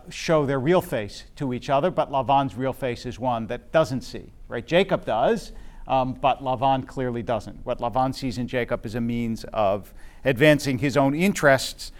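This Bible teacher has a medium-pitched voice as he addresses a live class. He works through ideas aloud, often pausing on fillers, restarting sentences, and asking his listeners if they're following.

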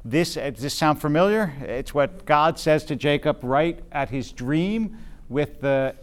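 A man's voice: a little high, expressive, a little slow, clear, resonant tone. A man teaching a Bible class to a live group, thinking aloud with frequent fillers and restarts and often checking in with his listeners.

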